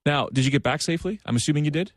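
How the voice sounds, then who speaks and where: A man's voice: on the high side, rapid-fire, no echo, studio quality. A man hosting a sports radio show, interviewing a guest with energy and lots of fillers. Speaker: radio host.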